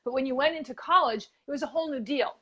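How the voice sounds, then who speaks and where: A woman co-hosting a casual motivational show, her voice sitting a touch higher than most. She rambles through stories and pitches, full of fillers and restarts. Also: fast, a bit bright. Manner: chatty storyteller, many fillers and restarts.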